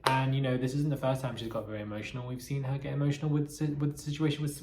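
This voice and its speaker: Man, mid-pitched voice, chatty commentary host, opinionated, roomy echo. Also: level tone, racing, few pauses, darkish tone, slight background noise. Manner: chatty, opinionated, breaks into laughter. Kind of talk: casual reality-TV commentary.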